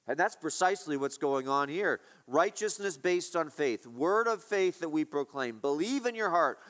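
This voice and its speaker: Guy preaching a sermon, kinda high voice, hammers points with questions. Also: expressive, normal speed, hardly any pauses, a bit bright. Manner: emphatic preaching with rhetorical questions. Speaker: pastor.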